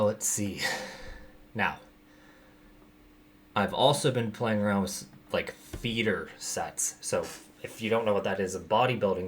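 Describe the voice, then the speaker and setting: A man hosting a casual Q&A, answering viewer questions in a loose, conversational way, his voice raspy and a little out of breath. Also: on the low side, a little hiss or hum. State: raspy, out of breath after gym. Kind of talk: casual Q&A monologue.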